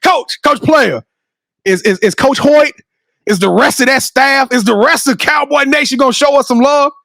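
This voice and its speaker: A man from Louisiana hosting a sports talk podcast, loud and excitable, often breaking into shouts. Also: extremely high pitch, normal speed, gravelly, no echo. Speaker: podcast host. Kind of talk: hype talk-show hosting.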